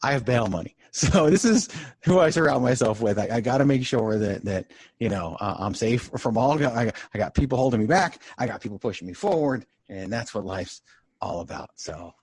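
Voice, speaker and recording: A man's voice: mid-range voice, expressive, moderate pace, darkish tone, husky, dry recording. A man co-hosting a casual podcast with a dry, sarcastic delivery, recorded over a video call. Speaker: podcast co-host. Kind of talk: casual chat. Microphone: webcam video call.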